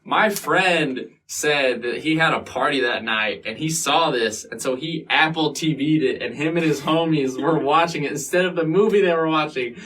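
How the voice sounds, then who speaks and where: Here a man whose voice sits a little high and fairly bright rambles through a long story as a guest being interviewed, at a moderate pace with hardly any pauses. Profanity comes often, and he performs the quoted lines himself; the mic is distant, with faint room noise.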